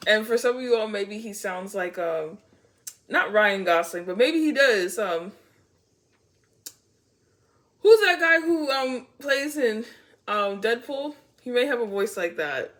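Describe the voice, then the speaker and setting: Lively, playful woman tarot reader. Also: a little high, measured pace. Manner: playful, blunt and profane, often laughing. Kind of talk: casual tarot reading to camera.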